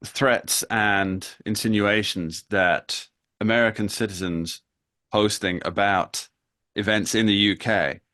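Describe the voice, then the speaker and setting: A lowish-voiced man hosts a political discussion. He talks in a measured, wry way and often stops to rephrase a point. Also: fairly even intonation, bright, forceful tone. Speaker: host.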